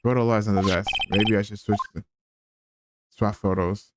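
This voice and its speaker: A man's voice: on the low side, fairly even intonation, moderate pace, very noisy. A man streaming a game with rambling, joking commentary. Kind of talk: gameplay commentary. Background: game music.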